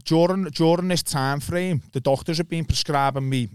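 A man with a Liverpool accent tells his story as a podcast guest, rambling and energetic, swearing freely and laughing often. His voice sits a little high and comes across smooth and clean. The sound is close and dry, with no room around it. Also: normal speed, no echo. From Liverpool, England. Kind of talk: casual storytelling chat.

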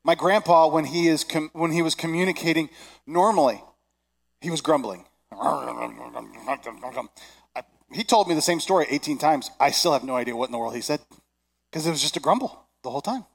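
Male pastor, thirties, chatty and animated sermon delivery, a bit high-pitched. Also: fast. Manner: animated, conversational, acts out voices.

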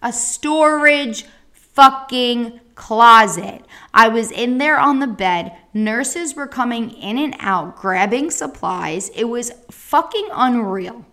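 A woman's voice: a little high, slow pace, hardly any pauses. A young woman hosting a podcast, telling a personal story in a blunt, casual way with a lot of swearing. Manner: blunt, frequent swearing, animated retelling. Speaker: podcast host.

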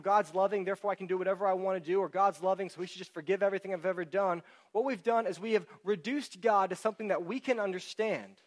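Guy with a high voice giving a sermon, animated, keeps asking the crowd questions. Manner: animated, explanatory, talks to the congregation with rhetorical questions. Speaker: pastor. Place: church hall with sound system. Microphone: handheld or stand microphone.

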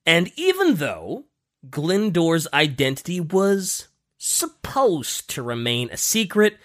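A man hosting a podcast, recounting a story in loose, casual chat. His pitch swings up and down a lot, and he keeps leaning on fillers as he goes. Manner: lively, animated storytelling with many fillers. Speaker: podcast host.

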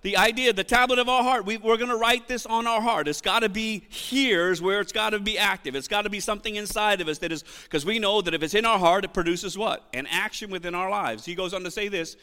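A male pastor preaching a sermon to his congregation, reading scripture loudly and asking the room questions. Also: high-pitched, a little fast, hardly any pauses, smooth. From United States. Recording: long reverb of a church hall.

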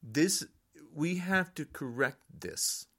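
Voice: medium pitch, animated, takes it slowly, pushed and bright, husky. Older podcaster, fired-up frustrated rant, voice swooping up and down. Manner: frustrated, angry ranting. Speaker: podcast host.

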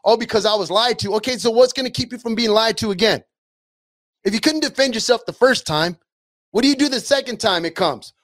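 Emphatic high-voiced man preaching. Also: fairly quick, fairly bright tone, dry recording. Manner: emphatic, repetitive, conversational preaching. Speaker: podcast host. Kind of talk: podcast preaching.

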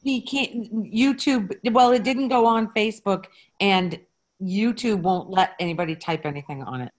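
A woman on a video call chatting casually in an expressive way while seeking spiritual advice. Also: mid-range voice, moderate pace. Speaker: caller. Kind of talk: casual chat on a webinar.

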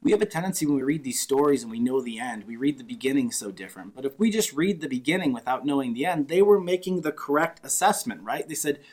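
A man's voice: mid-range voice, lively intonation, fast talker, hardly any pauses. A man preaching a sermon, retelling a scripture story with vivid, dramatic voices for the people in it. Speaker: pastor.

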